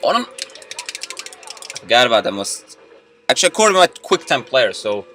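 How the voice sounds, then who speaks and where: Excitable young gamer, bright lively voice. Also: male voice, mid-range voice, moderate pace, slight background noise. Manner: excitable, shouts and yells at the game. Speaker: let's play gamer. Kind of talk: game commentary. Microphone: computer mic. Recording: music from the game in the background.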